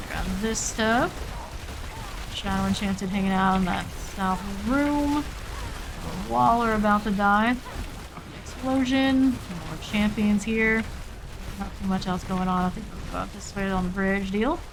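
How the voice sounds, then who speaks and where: A woman streaming live gameplay, narrating her moves in short, calm callouts at an ordinary middle pitch. Her voice sits over a clear, steady hiss that sounds like rain in the background of the stream audio. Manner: steady running callouts, calm and matter-of-fact.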